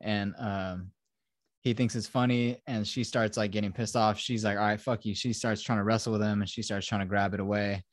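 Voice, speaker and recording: A man's voice: lowish voice, steady tone, normal speed, no echo, clean studio sound. Profane, rambling young man. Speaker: podcast host. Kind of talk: casual chat retelling a film.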